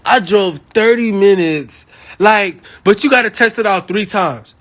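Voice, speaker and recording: A young man from Miami telling a crude story to his live audience, animated and swinging between loud bursts and hushed asides. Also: sits high, unhurried. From Miami, Florida. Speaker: livestream host.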